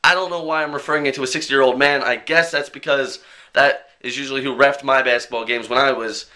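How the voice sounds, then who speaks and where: Brash young man with a bright voice. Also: medium pitch, fairly even intonation. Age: young adult. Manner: brash, joking, profane, mimics people in quick bits. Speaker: vlogger. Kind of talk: casual vlog rant.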